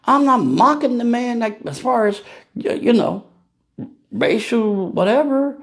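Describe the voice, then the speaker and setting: With a very high-pitched, slightly bright voice and lively intonation, a male vlogger delivers a casual political rant to camera at a measured pace. He peppers it with rhetorical questions and laughs at his own jokes.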